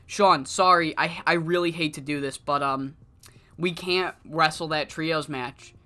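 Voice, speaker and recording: A man's voice: a little high, steady tone, a little slow, sharp tone, voice pushed down. A man voicing a sheepish male wrestler who stammers through an excuse. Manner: hesitant, stammering.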